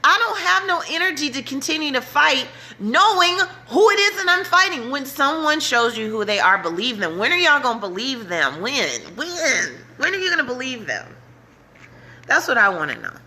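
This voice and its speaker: Woman vlogger, bright voice, higher pitch, urgent preaching to her followers. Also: sing-song, brisk, hardly any pauses, slight background noise. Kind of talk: impassioned direct-to-camera talk.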